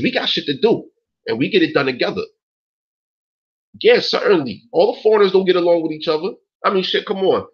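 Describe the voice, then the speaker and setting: A man's voice: a little high, breathy edge. A man in his forties hosting a talk stream, ranting in an emphatic, profane way and peppering his speech with "yo" and "man". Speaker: host. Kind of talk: casual rant on a talk stream. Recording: dull lo-fi recording.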